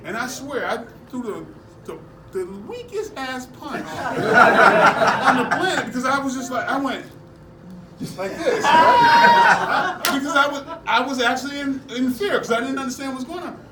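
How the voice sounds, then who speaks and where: A man with a notably high voice tells animated stories to a class, laughing often as he goes. He sounds distant from the mic in an echoey room. Steady background noise runs under him. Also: normal speed. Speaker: martial arts seminar instructor. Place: indoor seminar room at a convention.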